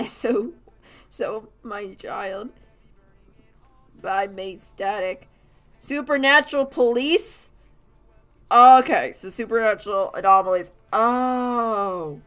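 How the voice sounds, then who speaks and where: A Canadian woman streams herself drawing as an animator, her mid-range voice a bit bright. She rambles, giggles and mocks herself while answering chat.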